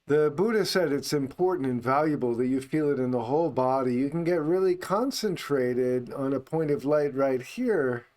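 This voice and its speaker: A man teaching meditation in an unscripted talk, speaking calmly and unhurriedly, only on the out-breath. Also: mid-range voice, normal speed, few pauses.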